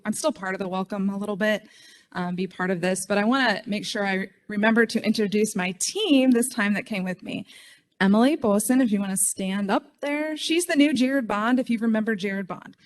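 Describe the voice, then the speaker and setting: A woman's voice: medium pitch, a little fast, slight background noise. Chatty woman giving a conference speech. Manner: chatty, self-deprecating, emotional at moments. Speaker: state official speaking at a conference.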